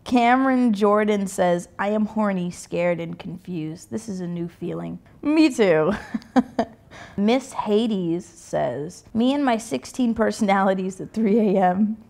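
A young woman in her twenties reads viewer comments aloud and reacts to them. Her delivery is laid-back and sarcastic, with casual swearing. Her mid-range voice keeps slipping into a gravelly fry. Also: medium pitch, unhurried, a little mellow. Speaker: musician reading comments.

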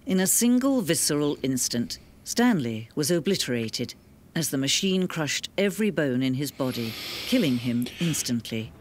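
A calm philosophical narrator. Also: female voice, low-pitched, moderate pace, background noise. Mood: solemn. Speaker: second game narrator. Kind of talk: scripted game narration.

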